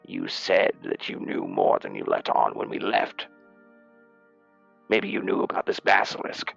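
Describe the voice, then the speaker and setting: A man voicing a gruff golden dragonborn warrior who speaks low, quiet and threatening. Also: sing-song, unhurried, dull audio, faint music behind, exaggerated voice. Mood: menacing.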